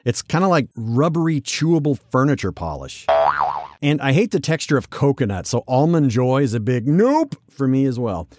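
A man hosting a casual solo podcast, chatty and animated, now and then slipping into quick character voices. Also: mid-range voice. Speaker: podcast host.

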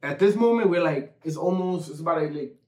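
Excited young man, high voice, roomy. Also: distant mic. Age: 20s. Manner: excited, laughing, quick back-and-forth. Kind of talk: casual podcast storytelling. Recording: roomy echo.

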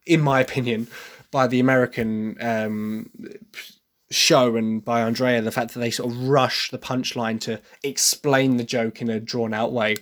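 Man from England, casual opinion monologue, rambling, self-correcting, mid-pitched voice. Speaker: podcast host reviewing a musical.

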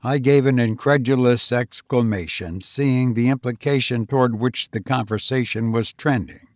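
A man reading a story aloud as an audiobook narrator, in a measured, deliberate manner. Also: medium pitch, no room sound, studio quality. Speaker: audiobook reader.

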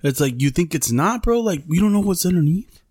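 A man's voice: high voice, animated, brisk, a little mellow, slightly rough, no room sound, studio quality. A man co-hosting a podcast, telling a story in laid-back casual chat, swearing freely and calling people bro and dude. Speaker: podcast co-host.

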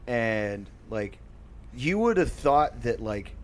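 A man's voice: mid-range voice, big pitch swings, slow pace. A man telling a casual, rambling story full of filler words and profanity.

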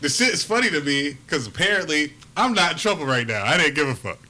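A young man casually telling a story to friends, profane and animated, acting out what people said. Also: fairly high pitch, quick pace. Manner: profane, animated, acts out quotes.

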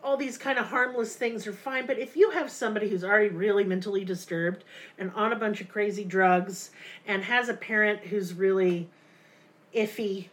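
A woman, co-hosting a casual true crime podcast, telling the story with sarcastic, animated asides. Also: mid-range voice, normal speed.

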